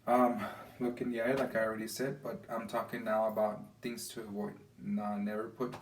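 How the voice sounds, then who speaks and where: A man's voice: on the low side, level tone, normal speed. Man giving a casual talk, off-mic. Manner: casual, conversational, demonstrates examples aloud. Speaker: presenter. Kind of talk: informal explanatory talk. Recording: distant mic with faint background noise.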